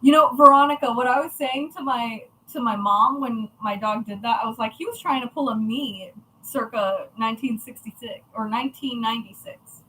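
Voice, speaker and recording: A woman's voice: on the high side, normal speed, bright, forceful tone, a little hiss or hum, poor audio. A young adult woman chatting casually to viewers, blunt and chatty with frequent swearing. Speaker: crafting channel host.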